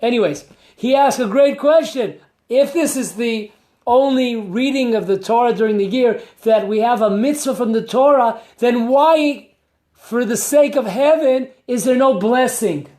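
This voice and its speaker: A man's voice: extremely high pitch, measured pace, warm tone. A man, a rabbi, giving a conversational Torah class with rhetorical questions and asides. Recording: echoey room.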